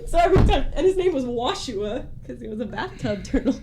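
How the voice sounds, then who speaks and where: Woman podcast co-host, giggly storyteller, high lively voice. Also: fast, a little hiss or hum. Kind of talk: casual group podcast chat.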